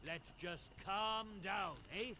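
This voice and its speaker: An actor playing an uneasy male survivor in a video game, nervously trying to calm things down. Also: high voice, slow pace, background noise.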